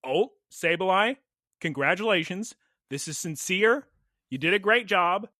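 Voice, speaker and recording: Man, young adult, podcast co-host, high pitch, very lively intonation, excitable play-by-play. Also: unhurried, dry recording, clean studio sound. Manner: excitable, jumps into play-by-play and yells attack names. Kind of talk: casual anime recap chat.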